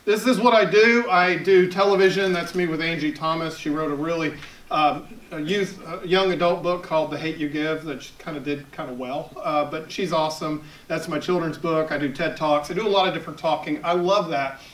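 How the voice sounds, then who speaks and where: A Southern man in his fifties tells stories from his cartooning career to an audience, chatty and quick to poke fun at himself. His voice sits fairly high for a man. He is picked up from a distance in a roomy, echoing hall. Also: steady tone, a bit bright. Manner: chatty, self-deprecating humor. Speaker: editorial cartoonist giving a talk. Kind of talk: public talk to an audience. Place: event hall at a library. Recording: echoey hall, picked up from far off.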